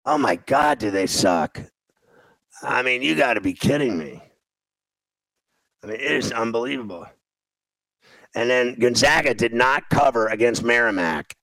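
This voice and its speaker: A gravelly-voiced man hosts a sports talk show and rants about a game he is watching. He is exasperated and repeats himself often. The recording is close and dry. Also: mid-range voice, expressive, a little slow, long pauses, fairly bright tone, no room sound, rough recording. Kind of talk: casual sports radio chat while watching a game.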